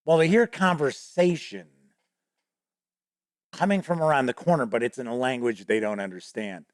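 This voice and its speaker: A man's voice: mid-range voice, normal speed, no room sound, studio quality. A man hosting a show, casually telling a rambling story from his tabletop game with many restarts. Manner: rambling, many restarts, acts out players' voices. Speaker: host.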